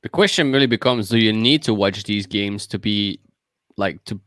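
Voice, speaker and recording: A man on a casual podcast, his voice sitting a bit low and recorded dry and close. He rambles through examples and keeps telling people to calm down in an exasperated way. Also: normal speed, no echo. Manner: rambling, exasperated, lists names. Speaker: podcast co-host.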